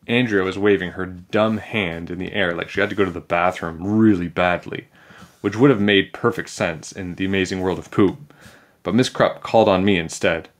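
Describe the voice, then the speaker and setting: A man reading a children's chapter book aloud in a playful, animated way. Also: low-pitched, normal speed. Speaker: storybook reader.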